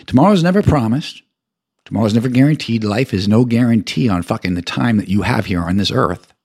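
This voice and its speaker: A middle-aged man hosting a podcast, ranting heatedly and profanely, stumbling and repeating himself as he swings between loud outbursts and low mutters. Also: a little fast, vocal fry, slightly rough. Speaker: podcast host. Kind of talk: angry personal rant.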